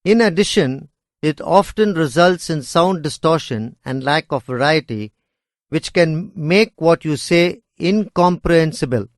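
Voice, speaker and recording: A man reading educational course material aloud in a measured, deliberate way. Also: on the high side, lively intonation, dry recording, clean studio sound. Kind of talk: scripted educational narration.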